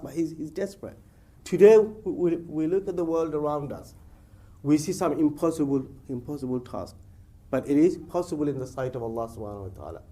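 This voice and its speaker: Animated man telling a religious story. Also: a little high. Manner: animated storytelling, acts out dialogue, casual fillers. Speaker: Islamic speaker. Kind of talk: conversational religious talk.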